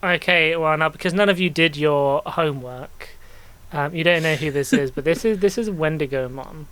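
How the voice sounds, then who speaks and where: A man's voice: a little high, moderate pace, a bit bright, clear, resonant tone. A man co-hosting a podcast in casual chat, enthusiastic and laughing often. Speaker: podcast co-host.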